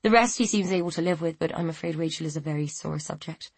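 A woman voicing a tactful, diplomatic woman who speaks gently. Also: on the low side, a little fast, no echo, close to an everyday voice. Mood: gentle.

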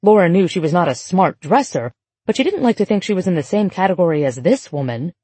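Husky woman narrating an audiobook. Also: mid-range voice, warm tone, no echo. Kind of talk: scripted narration.

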